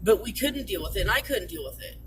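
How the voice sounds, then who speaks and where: A woman's voice: medium pitch, animated, fast talker. A tearful, distraught woman venting about her life, pleading and cursing, her voice breaking into tears. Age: adult, parent. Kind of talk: emotional personal venting. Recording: distant mic, loud traffic noise.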